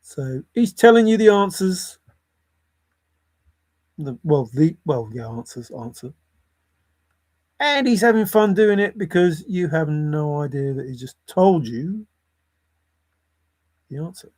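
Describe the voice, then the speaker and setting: A man's voice: fairly high pitch, big pitch swings, slow, pauses often, a little mellow. A man vlogging about a treasure hunt, rambling and giggling as he comments, repeating words and muttering to himself. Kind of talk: rambling commentary over video.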